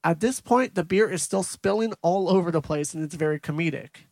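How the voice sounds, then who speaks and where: A man's voice: a little high, a little fast, a little mellow, no echo. A young man co-hosting a movie podcast, recapping scenes in detail in casual chat. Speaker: podcast co-host.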